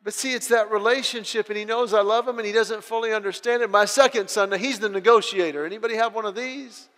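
A man's voice: high-pitched, fairly even intonation, quick pace, a bit bright. A middle-aged man preaching a sermon as a pastor, telling family stories and acting out his kids' voices. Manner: storytelling, acts out his children's voices. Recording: long hall reverb.

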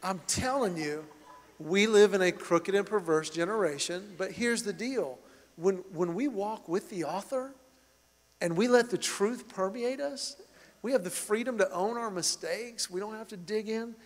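Middle-aged male pastor, high voice, earnest emphatic sermon delivery, long hall reverb. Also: measured pace.

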